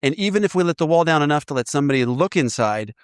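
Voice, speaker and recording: Animated, laughing man teaching recovery steps. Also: a little high, fast, clean tone, no room sound, studio quality. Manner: animated, laughs often, acts out voices. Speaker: AA sponsor guiding a step inventory. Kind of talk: casual teaching talk.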